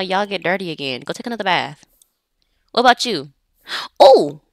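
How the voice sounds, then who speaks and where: Chatty woman gamer, bright crisp voice, dry close sound, bosses her characters around. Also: low-pitched, expressive, a little fast, no echo. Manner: chatty, talks directly to her game characters. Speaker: let's play gamer. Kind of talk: casual gameplay commentary.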